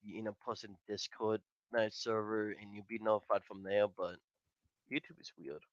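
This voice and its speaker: A man's voice: fairly low pitch, fairly even intonation, moderate pace, no room sound. A man co-hosting a casual stream chat, joking around with loose grammar. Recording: dull lo-fi mic.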